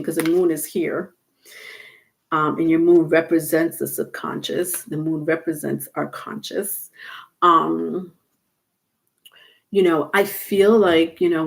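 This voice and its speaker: Halting, rambling woman reading tarot. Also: fairly low pitch. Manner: rambling, halting, many fillers and restarts. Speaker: tarot reader. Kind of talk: casual livestream tarot reading.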